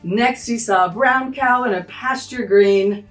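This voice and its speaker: A woman's voice: on the high side, measured pace, a bit bright, echoey room, far from the mic. A woman music teacher walking through a lesson, acting out animal sounds as she explains. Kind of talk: teaching tutorial.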